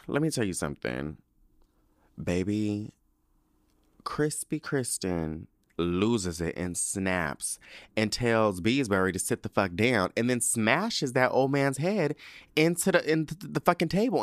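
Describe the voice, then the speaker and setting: A man hosts a podcast recapping a show, chatting casually with sass, slang and profanity while sipping a drink. His medium-pitched voice is expressive and a little slow, and the recording is dry with clean studio sound.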